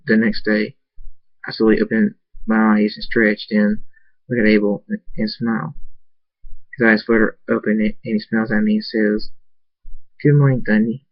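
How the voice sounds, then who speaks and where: A man's voice: fairly low pitch, breathy edge, no echo, muffled recording. A man reading a fan story aloud, stumbling and restarting words often. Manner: hesitant reading with frequent restarts. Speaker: narrator.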